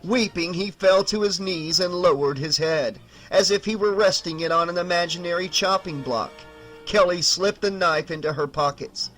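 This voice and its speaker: A man narrating a horror novel as an audiobook in a measured, dramatic reading. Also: high-pitched, a bit bright, soft background music, rough recording.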